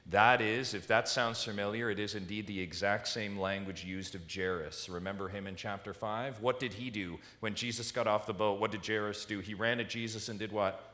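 A male pastor preaching through a passage, voice bright and forceful over a lowish pitch. He leans hard on key words and keeps asking the congregation questions, then answers them himself. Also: fairly even intonation, moderate pace, few pauses. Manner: emphatic, rhetorical questions to the congregation. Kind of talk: expository sermon.

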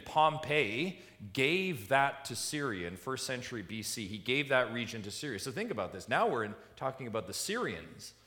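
A man's voice: on the low side, sharp tone. A man preaching an expository sermon, stressing points and putting rhetorical questions to his congregation. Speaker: pastor.

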